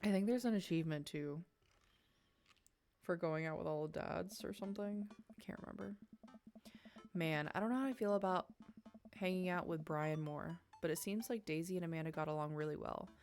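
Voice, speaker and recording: A woman's voice: lowish voice, normal speed, pauses often, darkish tone, soft background music. A woman playing through a dating game, chatting and reading its dialogue aloud with wry asides. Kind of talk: casual game playthrough with read-aloud dialogue.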